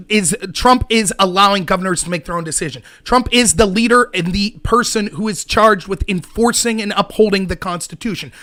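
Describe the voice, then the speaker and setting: A man with a very high, bright voice hosts a political livestream. He rants with heat and sarcasm and picks fights with people in his chat. His tone stays sharp and forceful throughout. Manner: heated, sarcastic, argues with chat viewers. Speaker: show host.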